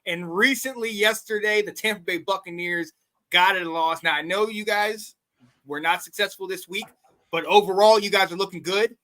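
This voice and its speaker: Man, high voice, bright sharp tone, slangy hype host, casual sports chat. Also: normal speed. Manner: hype, slangy, laughs often. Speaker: guest host.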